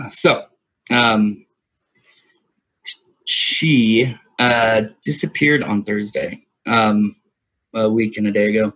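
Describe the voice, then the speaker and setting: Rambling, bright, husky-voiced man. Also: lowish voice, steady tone, extremely slow, long pauses. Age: 30s. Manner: rambling storyteller, swears freely, laughs often. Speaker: podcast co-host. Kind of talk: casual chat. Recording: single USB mic, lo-fi.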